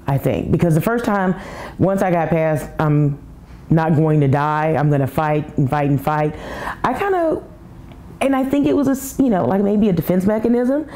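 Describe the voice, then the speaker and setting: A middle-aged woman speaking candidly and emotionally about her own illness, with rushed asides and restarts. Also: low voice, mellow. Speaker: breast cancer survivor telling her story. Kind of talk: personal testimony.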